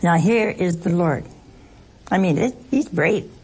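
Woman bible teacher, husky voice, slow unhurried delivery, keeps asking the group questions. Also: on the low side. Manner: conversational, asks the audience rhetorical questions; expressive, playful asides.

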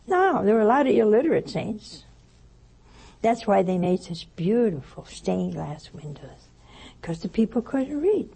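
A woman giving a spiritual talk, telling a story in a lively way and acting out the voices she quotes. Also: mid-range voice, a little slow, creaky, breathy edge, rough recording. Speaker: religious teacher.

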